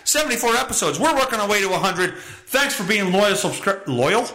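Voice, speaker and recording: High, lively, profane ranting man. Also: a little fast, roomy sound, low-quality recording. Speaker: podcast host. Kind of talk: solo comedic rant podcast.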